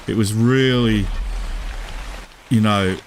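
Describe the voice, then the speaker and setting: Low-voiced British man telling a rambling story. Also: slow, a little hiss or hum. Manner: casual, full of fillers and restarts, swears freely. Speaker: gaming live streamer. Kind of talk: rambling anecdote while streaming.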